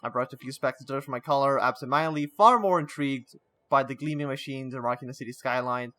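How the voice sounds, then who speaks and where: A man's voice: medium pitch, fast, a bit bright. A man playing a story game, reading its text aloud with stumbles and breaking off into casual asides. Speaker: gaming channel host.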